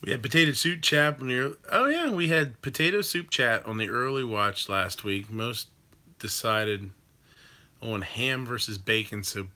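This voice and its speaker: A man's voice: medium pitch, expressive, moderate pace, bright, forceful tone. A man hosting a livestream, chatting casually and rambling with fillers and swearing while reacting to viewer comments. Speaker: livestream host reading chat. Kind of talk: casual chat.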